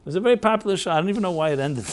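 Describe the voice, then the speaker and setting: A man's voice: high voice, expressive, racing, slight background noise. Rabbi guy spinning a story at a workshop, chatty, lots of uhs and little laughs, keeps going "right?". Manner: anecdotal, chuckling, filler-heavy; conversational, audience tag questions.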